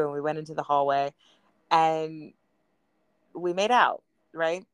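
A woman's voice: sits low, steady tone, slow, pauses often, smooth, no room sound. A young woman co-hosting a podcast, telling a story casually with fillers and easy laughter. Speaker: podcast co-host. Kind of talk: casual chat.

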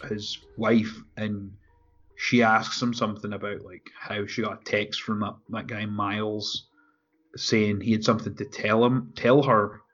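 A man's voice: fairly low pitch, measured pace. A man casually talking over a movie in a podcast, swearing often and laughing as he retells scenes. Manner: profane, animated, laughs often. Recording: dull lo-fi audio with faint music.

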